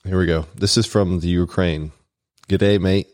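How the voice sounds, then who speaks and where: A man co-hosting a podcast, reading out trivia and dropping wry, deadpan quips between the facts. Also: deep voice, normal speed, no room sound, studio quality. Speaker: podcast co-host. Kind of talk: reading trivia aloud with joking asides.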